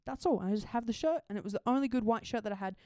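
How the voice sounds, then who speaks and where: A young woman with an Australian accent tells a story on her podcast, her voice swooping up and down as she goes. She laughs often and swears without a second thought. Her voice sits fairly high, and the sound is close and dry. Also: racing, no room sound. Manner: animated, laughing, swears freely. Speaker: podcast co-host. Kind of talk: casual chat, storytelling.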